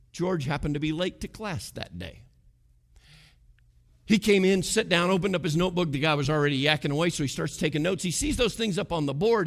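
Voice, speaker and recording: A man preaching a sermon in an emphatic, conversational way, asking the congregation rhetorical questions. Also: high-pitched. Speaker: pastor.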